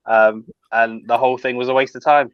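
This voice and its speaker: A man speaking as a panelist on a casual football podcast, measured and explanatory. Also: medium pitch, little pitch movement, clean tone, dry recording. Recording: dry, dull lo-fi mic.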